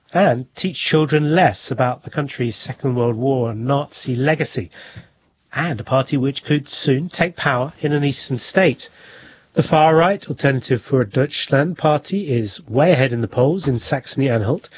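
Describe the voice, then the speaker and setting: A man's voice: mid-range voice, dull audio, a little hiss or hum. A man presenting the news in a formal, scripted read. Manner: crisp, formal delivery.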